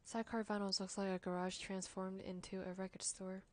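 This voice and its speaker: A woman streamer reading a story game aloud in a relaxed way, sometimes dropping into a hush. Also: mid-range voice, fairly quick.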